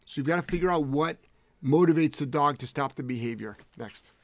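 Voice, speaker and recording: A man's voice: a little high, a little fast. A middle-aged man, a dog trainer co-hosting a live Q&A, answering bluntly with swearing and jokes. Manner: blunt, profane, joking. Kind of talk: live-stream Q&A chat.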